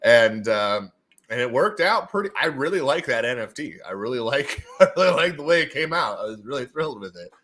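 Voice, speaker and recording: An energetic man hosts a casual livestream giveaway in a bright, forceful voice. His pitch bounces around a lot, he echoes his own phrases back, and he drops in playful sound effects as he goes. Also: fairly quick. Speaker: livestream host running NFT giveaways.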